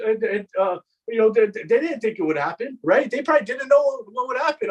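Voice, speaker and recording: A man narrating a Muharram mourning sermon with impassioned storytelling, repeating phrases for emphasis and often halting mid-sentence. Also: extremely high pitch, big pitch swings, slightly rough, poor audio. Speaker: majlis speaker.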